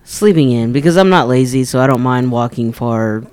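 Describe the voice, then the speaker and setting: A man on a podcast chatting in halting bursts full of restarts. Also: medium pitch, lively intonation, darkish tone, clear, resonant tone. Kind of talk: casual chat.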